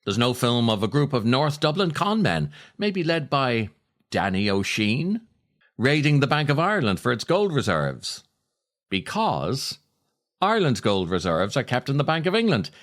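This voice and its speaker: A man hosting a podcast and reading his own essays aloud, unhurried and reflective, with a wry, dry humor. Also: medium pitch, sing-song, a bit bright. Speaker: podcast host.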